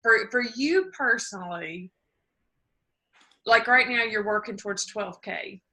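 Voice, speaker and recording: A woman's voice: medium pitch, animated, unhurried, pushed and bright, low-quality recording. A woman hosting a motivational team call over video, encouraging and repeating her points. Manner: encouraging, repeats herself, quotes others.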